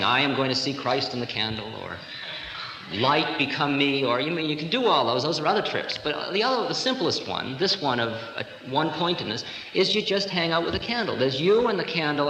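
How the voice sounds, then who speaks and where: A man in his forties giving a humorous, storytelling spiritual lecture to a live audience. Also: on the high side. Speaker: spiritual teacher. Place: lecture hall. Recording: echoey 1970s hall recording with hiss.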